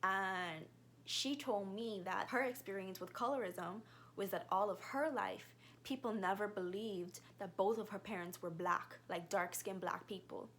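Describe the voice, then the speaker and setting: A young woman in her twenties with a Bahamian accent, telling stories quickly and animatedly in a casual vlog. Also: mid-range voice, slight background noise. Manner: fast-talking, animated storyteller.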